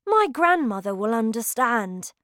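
Reading from a storybook, a woman voices a sensible young boy who lives in a mouse's body, sounding patient and reassuring. Her raised, fairly high and slightly bright voice, pushed up, swings widely in pitch at an unhurried pace. The recording is dry and close, with no echo.

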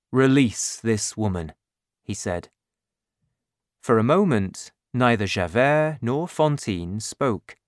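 A man narrating an audiobook chapter in a slow, clear and expressive way. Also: medium pitch, dry recording, clean studio sound.

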